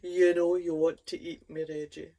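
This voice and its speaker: A woman voicing a talking hot dog that tempts a hungry boy, husky, slow and coaxing. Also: fairly low pitch, flat delivery, warm tone, lightly acted. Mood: tempting.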